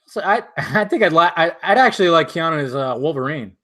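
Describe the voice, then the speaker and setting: A man's voice: on the high side, lively intonation, a little fast, bright, forceful tone. A young man in a casual live stream who answers chat in a loose, profane way and laughs often, at home in front of a green screen.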